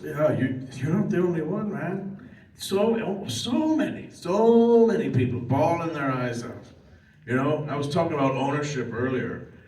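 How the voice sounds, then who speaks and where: A man's voice: medium pitch, a little mellow. A man who is a voice actor on a convention panel, speaking earnestly and reflectively, with casual fillers. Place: large convention hall. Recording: echoey hall from far off.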